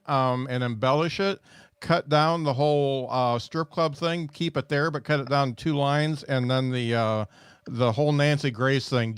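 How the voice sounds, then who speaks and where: A man with a smooth, resonant voice, pausing on ums and uhs as he works through his notes. The recording is dry, with no room echo. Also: mid-range voice. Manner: halting, filler-heavy, deliberate. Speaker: comedian. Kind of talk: casual comedy workshop chat.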